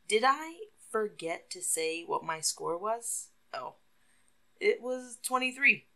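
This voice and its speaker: A woman's voice: fairly low pitch, pushed and bright. Chatty woman podcast host, laughing often. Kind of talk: casual solo podcast monologue.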